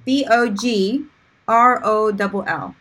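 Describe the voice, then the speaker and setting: A woman's voice: a little high, slow pace, fairly bright tone. Encouraging woman hosting a lesson. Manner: laughs often, encouraging. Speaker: English teacher, host. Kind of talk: live-streamed lesson chat.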